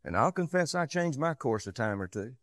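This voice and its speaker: A man's voice: big pitch swings, fairly quick, no echo. Male preacher with a dramatic sermon delivery, dry close recording. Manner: swells loud and high then drops low and quiet.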